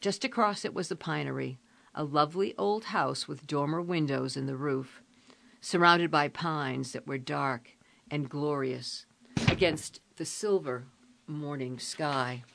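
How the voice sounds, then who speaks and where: Audiobook narrator: a woman with a low, gravelly voice, reading with expression.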